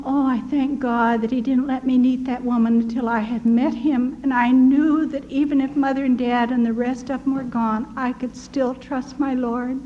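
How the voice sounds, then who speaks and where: An older American woman earnestly recounting personal wartime memories in a tender, animated storytelling manner, with a slightly dull recording and faint hiss. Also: high-pitched. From United States. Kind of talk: personal testimony.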